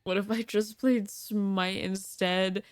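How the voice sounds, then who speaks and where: A woman's voice: mid-range voice, fairly even intonation, slow pace, clean tone, dry recording, clean studio sound. A young woman livestreaming a game, chatting in a bubbly way with viewers and reacting aloud to the play. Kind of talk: casual gaming stream chat.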